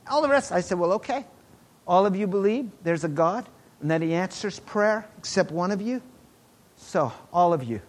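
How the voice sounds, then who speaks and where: Animated high-voiced male preacher. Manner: animated, swings from loud exclamations to hushed asides. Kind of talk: sermon testimony storytelling.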